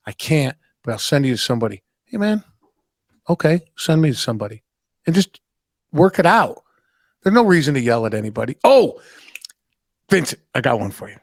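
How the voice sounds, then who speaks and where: A man's voice: fairly high pitch, expressive, brisk, no echo, studio quality. A man hosting a casual podcast chat, telling anecdotes and acting out what customers said in different voices, and swearing casually. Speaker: podcast host.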